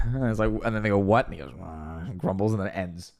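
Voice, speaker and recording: A man's voice: low voice, fast, creaky, a little mellow. A young man with an English accent, a streamer chatting casually and telling rambling jokes with many restarts. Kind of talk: casual chat.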